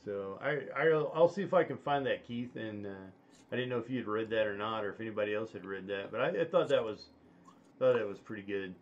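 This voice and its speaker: Low-voiced man rambling on a stream. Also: lively intonation, muffled recording. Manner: rambling, halting with many fillers. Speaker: stream host. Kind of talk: casual chat.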